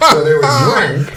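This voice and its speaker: A man telling rambling comic stories in a dry, meandering way on a talk show, in an echoey archival clip. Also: a little high. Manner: dry, meandering storytelling that breaks into laughter. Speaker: comedian.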